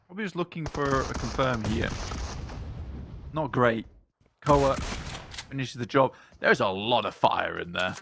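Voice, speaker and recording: A man calling a live esports match, unhurried and deliberate in his delivery. His voice has a gravelly rasp, and he mixes tactical analysis with teasing banter. Faint background noise runs under his speech. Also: medium pitch, expressive, fairly bright tone. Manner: playful banter, drawn-out analysis. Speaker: esports co-caster.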